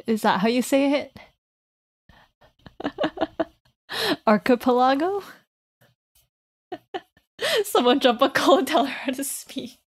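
Giggly high-voiced woman streamer. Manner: giggly, teasing chat, laughs often. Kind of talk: casual live stream chat.

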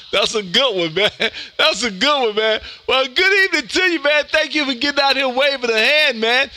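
A man from Texas with a Texan accent, working ham radio contacts on a live stream in a loud, folksy way, tossing "man" into most lines. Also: extremely high pitch, expressive, normal speed.

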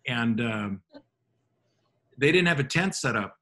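A middle-aged man, a motivational speaker, telling relaxed self-deprecating anecdotes in conversation. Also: mid-range voice, slow. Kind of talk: storytelling in a radio conversation.

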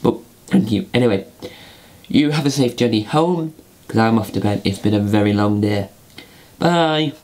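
A man's voice: on the low side, normal speed, pauses often, a little mellow, close to an everyday voice. A man voicing a fretful, put-upon puppet host who talks to himself and stumbles over names in a homemade puppet comedy.

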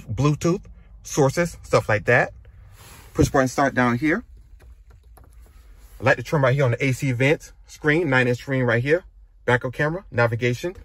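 A man with a mid-range voice, recorded dry, walks around a pickup truck on a dealership lot and climbs inside, calling out its features in short, casual phrases as a car reviewer.

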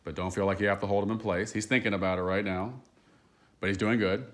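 A man with a very low voice explains a drill to his viewers in a loose, chatty way, full of fillers and restarts. He works as a dog trainer and talks the owner through each step at home. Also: fairly even intonation, fast. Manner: chatty and rambling, with fillers and repeats. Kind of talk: casual instructional explanation to viewers.

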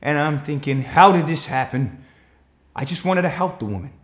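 A man's voice: on the high side, lively intonation, normal speed, close to an everyday voice. A man playing an anxious, defensive countryman. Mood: troubled. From Australia. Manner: earnest, rising to urgent shouts when retelling the chase. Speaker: actor performing a stage monologue. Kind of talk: theatrical monologue.

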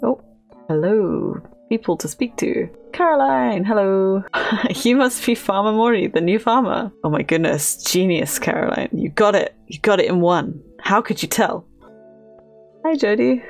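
A young woman talks her way through a farming game, chatty and quick to laugh. Her voice has a gravelly, fry-edged texture, with faint music playing underneath. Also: medium pitch, animated. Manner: chatty, giggly, talks to characters. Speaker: gaming channel host. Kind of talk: casual let's play commentary.

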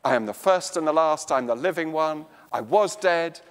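An English man preaching a slow, emphatic sermon in a church. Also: expressive, clear, resonant tone, big-room sound. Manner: slow, emphatic preaching with dramatic swings of pitch and volume.

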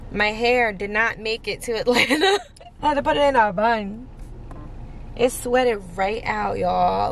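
A woman's voice: medium pitch, vocal fry, a little hiss or hum. A young woman from Pennsylvania chatting playfully to her viewers in a casual vlog. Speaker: vlogger. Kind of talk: casual vlog chat to camera.

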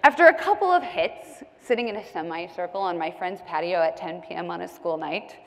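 A young woman giving a comedic, candid personal speech from a conference stage, animated and jokey. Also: lowish voice, a little fast, vocal fry. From United States. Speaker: keynote speaker. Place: large conference hall stage. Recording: long hall reverb.

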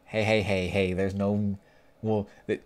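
A man's voice: fairly low pitch, unhurried. A young man hosting a casual reaction video, reading a webcomic aloud and joking about each scene. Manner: animated, jokey, reads comic lines aloud and riffs on them.

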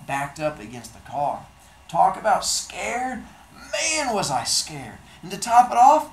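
A man reads a novel aloud to his class, acting out the dialogue with a lively, animated pitch. His voice carries around a roomy classroom, with a faint hum of ambience behind it. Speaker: teacher. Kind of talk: reading a novel aloud to a class, then discussion.

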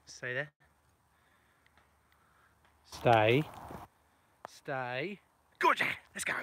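Tradesman host, raised pitch, self-mocking, casual live-stream chat in the open countryside. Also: a bit bright, slight background noise. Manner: chatty, self-mocking, answers viewer questions. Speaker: plumber and video host. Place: outdoors in a ploughed field in the countryside. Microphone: phone for a live video.

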